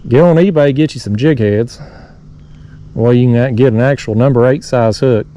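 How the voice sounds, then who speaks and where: A man's voice: medium pitch, normal speed, mellow. A man casually narrating his fishing from a kayak on a lake, rambling folksily and talking to his viewers. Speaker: fishing vlogger. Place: kayak on a lake below a dam, outdoors.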